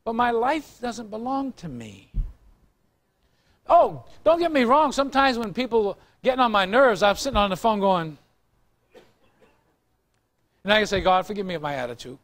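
High-voiced joking pastor preaching. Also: male voice, sing-song, a little slow, long pauses, a bit bright. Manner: chatty, joking, teasing the congregation. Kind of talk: sermon. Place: church. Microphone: recorded on tape in the room.

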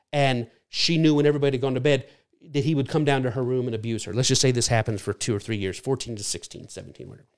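A man's voice: on the high side, smooth. Earnest man giving a slide talk. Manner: earnest, acts out other people's voices. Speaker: speaker teaching a series. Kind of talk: lecture-style talk with slides.

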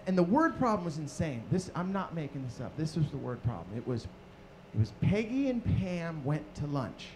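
A man's voice: fairly high pitch, sing-song, normal speed, background noise. A man, a father, telling an exasperated stand-up story. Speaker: stand-up comedian. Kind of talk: stand-up comedy.

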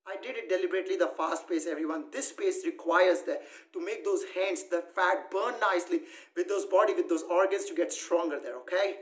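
A man's voice: high-pitched, a little fast. A man leading a yoga class, calling out poses and counting holds in a firm, coaching way. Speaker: yoga instructor. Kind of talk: live yoga class instruction. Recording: roomy echo, voice from far off.

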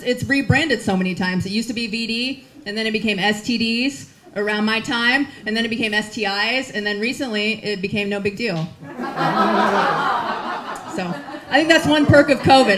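A woman's voice: mid-range voice, fairly bright tone. A woman from the Midwest doing a stand-up set, chatty and rambling with many fillers. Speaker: stand-up comedian, former teacher. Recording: crowd audible around stage.

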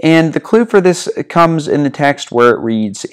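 A man's voice: a little high, animated, a little slow, few pauses, clean tone. Casual man explaining test answers. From American Northeast. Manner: casual, walks through answers step by step. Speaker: test-prep tutor. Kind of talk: explaining a reading practice test. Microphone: desk microphone.

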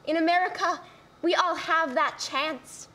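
A woman's voice: extremely high pitch, steady tone, measured pace, sharp tone, full character voice. An actress playing a woman who makes an earnest, declamatory speech on a theater stage. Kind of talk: stage play acting.

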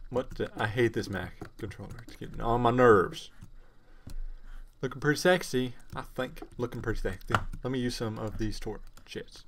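A man with a mid-range voice, sore and tired, gives casual let's play commentary at normal speed over a noisy background. He rambles to himself and jokes at his own expense.

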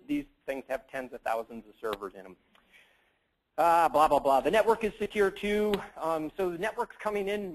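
A man's voice: fairly high pitch, poor audio. A man giving a casual, joking conference talk, rambling with lots of fillers and asides. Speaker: conference presenter.

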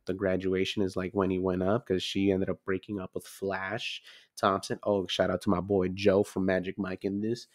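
A man's voice: on the low side, darkish tone, no echo, clean studio sound. A man in his twenties rambling casually through a movie review, swearing freely. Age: 20s.

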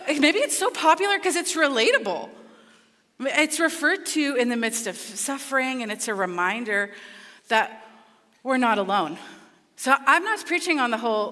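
A woman preaching a sermon in a church, in an animated, conversational way that acts out quotes. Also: a little high. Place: church sanctuary. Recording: long reverb of a church hall.

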